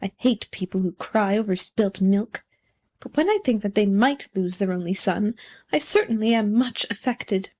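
A woman's voice: medium pitch, moderate pace, darkish tone, lightly acted. A woman voicing a pompous, conceited male firework rocket in a storybook reading, haughty and self-important. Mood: stiffly offended.

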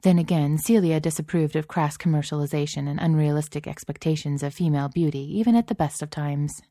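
A woman narrates a story in a low, mellow voice with a dry, even delivery. The recording is close and free of room echo. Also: brisk. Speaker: audiobook narrator. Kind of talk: scripted narration.

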